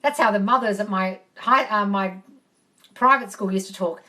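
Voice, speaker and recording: A woman's voice: mid-range voice, normal speed, pushed and bright. A woman hosting a live phone stream from home, answering viewer questions in a chatty, blunt way, swearing and calling people darling. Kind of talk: casual chat reading and answering comments. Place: home, moving about into the kitchen.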